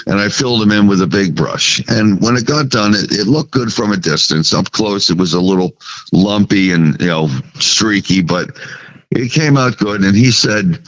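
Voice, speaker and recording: A man's voice: on the low side, moderate pace, lo-fi sound. A man from New Jersey, a sign painter, recalling his early days as a podcast guest and acting out the dialogue in his story. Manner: recounts memories, acting out quoted dialogue. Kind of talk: casual storytelling.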